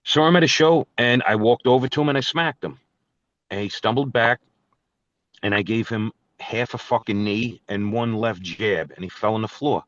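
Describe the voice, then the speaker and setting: A man's voice: lowish voice, normal speed, a bit bright, dry recording. Middle-aged New man, angry and foul-mouthed, calling someone out; dry, slightly dull recording. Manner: profane, confrontational, heated. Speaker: guest musician. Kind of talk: angry storytelling and call-out.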